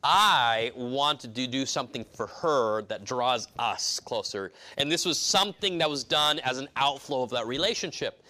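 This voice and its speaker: A middle-aged man delivers a sermon in a bright, forceful voice. He talks in a conversational way and then builds to emphatic, pressing peaks. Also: mid-range voice, expressive, normal speed, few pauses. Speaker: pastor.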